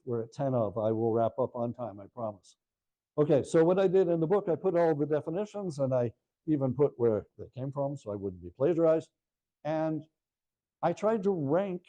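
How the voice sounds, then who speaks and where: An older man lectures to a live audience about his book, with a deep, mellow, dark timbre. He tells stories in a relaxed, conversational way and keeps turning to the crowd with quick asides. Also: poor audio. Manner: chatty storytelling with asides to the audience. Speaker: author giving a book talk.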